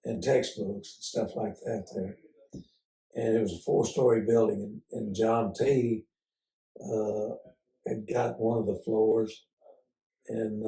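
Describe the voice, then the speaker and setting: An older man, low and mellow, recalling his past as an unhurried, folksy storyteller. He heads into his tales with frequent "uh" pauses. His voice sounds roomy and set back from the mic. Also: recorded from a distance. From Oklahoma. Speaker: interview guest. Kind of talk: casual storytelling interview.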